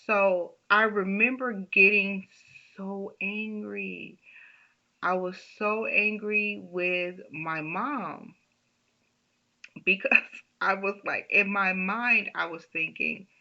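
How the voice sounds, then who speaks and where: Slow, chatty woman telling a story. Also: medium pitch, steady tone, creaky, bright, forceful tone, muffled recording. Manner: chatty, laughing, lots of "like". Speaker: storyteller, vlogger. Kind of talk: casual storytime.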